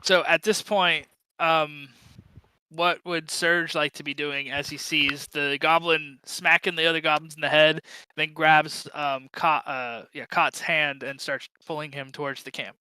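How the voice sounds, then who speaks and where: A man narrating as game master of a tabletop game, halting with many fillers. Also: fairly high pitch, fairly even intonation, pushed and bright, clean tone, dry recording, rough recording.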